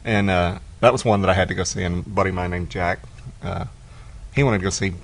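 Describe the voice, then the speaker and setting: A man's voice: sits low, steady tone, fast. A man co-hosting a podcast, giving firm opinions in casual talk about a movie. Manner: opinionated, emphatic agreement. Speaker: podcast co-host. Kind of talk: casual movie review chat.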